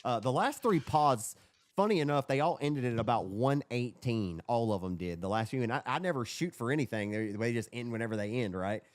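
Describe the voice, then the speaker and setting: Excitable young man, podcast co-host. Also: mid-range voice, a little fast, dry recording. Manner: excitable storyteller, drawls and swears. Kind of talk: casual chat.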